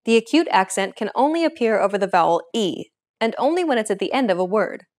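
A woman hosting a scripted beginner language lesson. She explains each grammar point in a clear, steady teaching voice. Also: mid-range voice, quick pace.

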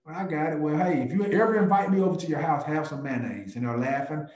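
Animated man on a roomy call. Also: fast talker. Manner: animated, jumps into a higher voice to act out chats. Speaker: real estate agent, guest speaker. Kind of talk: lively talk with acted-out dialogues. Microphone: video call.

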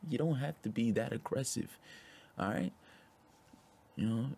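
A young man reacting to music videos, loud and often yelling and laughing, with a husky voice. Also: mid-range voice, measured pace. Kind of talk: casual reaction commentary.

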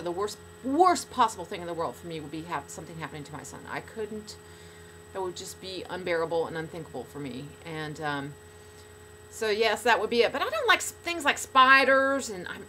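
A middle-aged woman talking casually to fans in a video blog, bubbly and gushing, swinging between loud excitement and soft sincerity. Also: on the high side, a little hiss or hum. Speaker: podcast regular speaking to fans.

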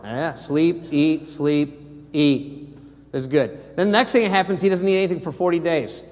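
A man's voice: a little high, normal speed. A man with an American accent preaching a sermon as a missionary, telling stories animatedly and acting out the quotes himself. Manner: animated storytelling, acts out quotes. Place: church sanctuary. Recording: long church reverb.

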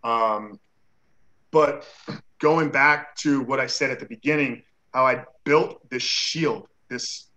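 A man's voice: mid-range voice, slow, sharp tone, low-quality recording. A man who is a guest on an interview show, telling a personal story in a casual way. He acts out the dialogue he quotes and uses many "like" fillers.

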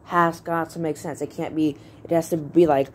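Low-voiced woman giving a rambling lesson. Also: steady tone, normal speed, a little hiss or hum. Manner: rambling, self-correcting, playful. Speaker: writing tutorial host. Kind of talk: casual video tutorial.

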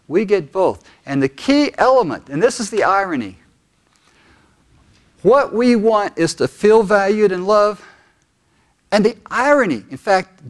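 A man preaching a sermon as pastor, telling stories earnestly with deliberate pauses. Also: high-pitched.

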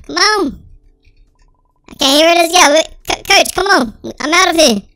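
Squeaky chipmunk-filtered gamer host. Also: moderate pace, no echo. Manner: excitable, dramatic exclamations. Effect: sped-up chipmunk voice filter. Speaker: gaming channel host. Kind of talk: let's-play gameplay commentary.

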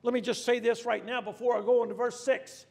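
A pastor preaches with fervor, circling back on his phrases and restarting lines. His voice sits unusually high for a man. It rings out with a long reverb, as if recorded in a church sanctuary. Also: fairly even intonation, brisk, darkish tone. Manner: fervent, repetitive preaching with restarts. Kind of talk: sermon.

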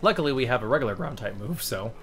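A man's voice: medium pitch, animated, quick pace, gravelly, fairly bright tone, a little hiss or hum. A man giving casual commentary as he plays a game, chatty and profane, easily amused and talking to his viewers. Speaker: let's play host.

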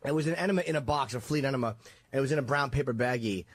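A man's voice: medium pitch, very fast, dry recording. A man co-hosting a radio show, swearing freely and defending himself while telling a story in casual studio banter. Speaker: radio show co-host and comedian.

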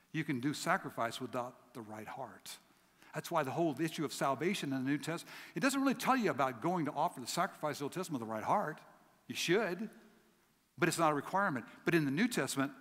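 Animated preacher in a reverberant hall. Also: male voice. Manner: animated storytelling, acts out voices in his stories; rising to emphatic peaks then dropping low. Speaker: guest pastor. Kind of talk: sermon.

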